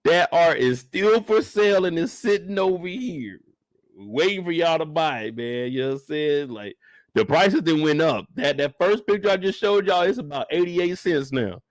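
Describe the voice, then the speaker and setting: Man, live stream host, joking and animated, swooping pitch, dry close recording. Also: normal speed, dry recording. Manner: animated, joking, talks straight to viewers. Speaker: host reviewing a TV episode. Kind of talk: live after-show stream commentary.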